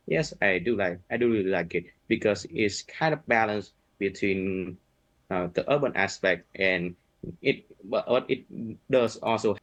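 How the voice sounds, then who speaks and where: A man's voice: fairly low pitch, unhurried, a bit bright, poor audio. A man with a Vietnamese accent answering exam questions over a video call, often stopping to reformulate his sentences. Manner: hesitant, reformulating mid-sentence. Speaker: test candidate.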